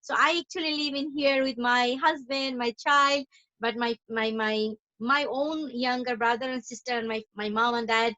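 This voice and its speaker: The Bangladeshi-born entrepreneur speaks at a normal speed with fairly even intonation, her voice high and bright. As an interview guest in a casual video-call chat, she's talkative and keeps repeating and restarting phrases, all in dull lo-fi audio.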